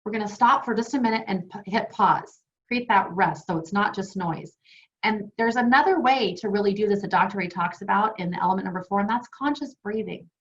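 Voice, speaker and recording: A woman co-hosts an online wellness webinar, chatty and enthusiastic, weaving personal stories into her teaching. Her voice is medium-pitched and fairly quick. The video call audio is dull and lo-fi.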